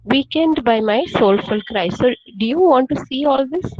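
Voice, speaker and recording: A woman teaching a poem, reading lines slowly and then explaining them with rhetorical questions. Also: high voice, animated, muffled recording, background noise. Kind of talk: poetry lesson, explaining line by line.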